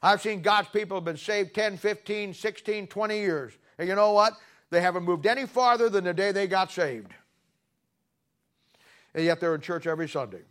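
A man preaching a sermon in a folksy, storytelling way, with sudden loud bursts between quieter stretches. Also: high voice, normal speed.

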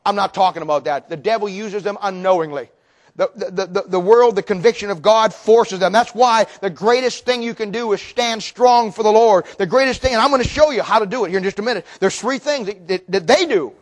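A man preaching a sermon, animated and storytelling, acting out the people in his stories, often repeating words as he goes. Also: high voice, brisk. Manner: animated, acts out quoted voices, repeats words.

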